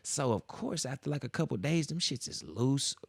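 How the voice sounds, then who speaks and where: A man's voice: mid-range voice, moderate pace, gravelly, breathy edge, no room sound, studio quality. A young man hosting a podcast, telling a long story in casual slang and acting out what people said. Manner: slangy, animated, acts out quoted voices. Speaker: podcast host.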